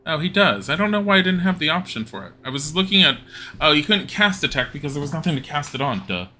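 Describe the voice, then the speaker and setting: A man's voice: on the high side, very animated, fast talker, bright, forceful tone, a little hiss or hum. A man streaming a game live, giving wry, casual commentary that swears now and then and reads menu choices aloud.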